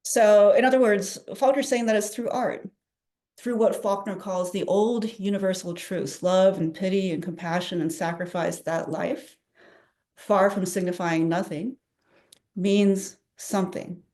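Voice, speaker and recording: A woman presenting at a celebration event, talking with animated enthusiasm and frequent "uh" and "um" fillers. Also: medium pitch, moderate pace. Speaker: presenter at a public domain celebration. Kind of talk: presentation talk.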